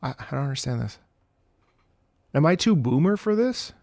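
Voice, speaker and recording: A man streaming live, excitably reacting to music, reading chat and swearing often. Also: medium pitch, moderate pace, vocal fry, dry recording.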